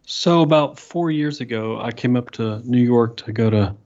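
A man telling a casual anecdote on a podcast with dry, deadpan punchlines. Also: medium pitch, normal speed. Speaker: podcast co-host. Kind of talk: casual storytelling. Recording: slightly dull lo-fi sound.

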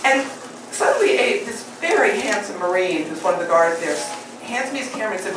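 A woman telling a personal story on stage, animated and laughing through it. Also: medium pitch, brisk. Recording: echoey live hall, distant, noisy.

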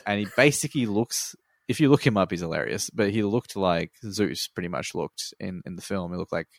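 Aussie guy, really low gravelly voice, laid-back swearing chat. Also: fairly quick, dry recording, studio quality. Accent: Australian. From Australia. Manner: laid-back, swears freely, laughs often. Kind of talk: casual chat.

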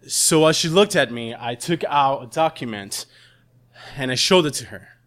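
Bright, earnest male storyteller. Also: a little high, normal speed. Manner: earnest, dramatic. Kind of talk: live storytelling.

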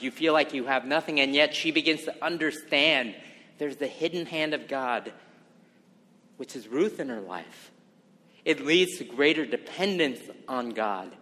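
A man delivers a sermon in a slightly high, bright voice. He is earnest and emphatic, often throwing rhetorical questions at his listeners. The sound carries a long reverb, as if in a large hall. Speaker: pastor.

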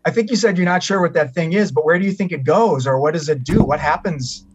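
A man's voice: a little high, quick pace, dull audio, background noise. A man hosting an interview and asking open, curious questions. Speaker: interviewer host. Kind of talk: conversational interview.

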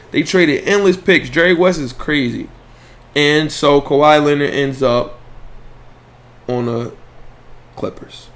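A man's voice: a little high, unhurried. A man hosting a casual sports podcast livestream, talking trash in a loose, profane way and addressing viewers directly. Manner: animated, profane trash talk; banters with viewers and chats directly to them. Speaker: podcast host.

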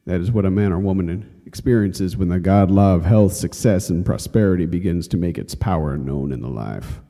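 Earnest man with a dark low voice. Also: normal speed, vocal fry, big-room sound. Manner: earnest, exhorting, addresses listener as friend. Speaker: course instructor. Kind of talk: read-aloud inspirational lesson.

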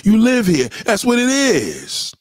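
Blunt, animated New man ranting. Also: high-pitched, slow, no room sound, studio quality. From New York. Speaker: livestream host. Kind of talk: casual livestream chat reading comments.

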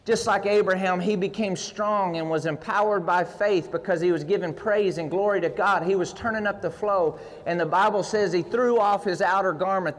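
High-voiced preacher in a reverberant hall. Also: male voice. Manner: passionate, builds to near-shouting in acted prayers; folksy, uses roping and gym stories. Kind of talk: sermon.

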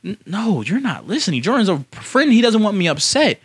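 A young man co-hosting a casual podcast with friends. He argues insistently and keeps cutting back in to make his point. His voice sits high and swings widely in pitch. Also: very animated, brisk, slightly rough. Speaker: podcast co-host. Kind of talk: heated casual chat.

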